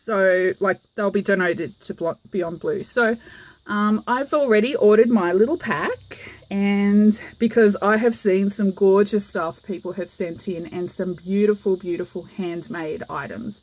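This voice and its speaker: Mid-range in pitch with a darkish tone, this craft vlogger talks a little slowly. She gushes with enthusiasm and plenty of "um"s while displaying mail she got, in a relaxed show-and-tell video.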